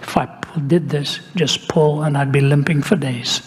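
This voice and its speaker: A man's voice: a little high, steady tone, normal speed. An older man preaching a sermon, telling a personal story in a conversational way with light humor. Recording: echoey hall, faint ambience.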